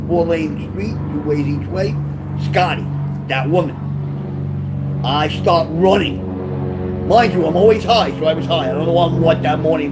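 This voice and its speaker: Rambling New man telling stories. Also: on the high side. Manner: rambling, digressive, blunt and profane. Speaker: author telling his life story. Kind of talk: casual spoken memoir storytelling.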